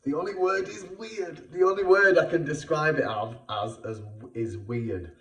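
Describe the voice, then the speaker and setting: A British man talking through an emotional personal experience in a vlog, halting and repeating himself with many fillers. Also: on the high side, fairly bright tone. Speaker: vlogger. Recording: roomy sound, far from the mic.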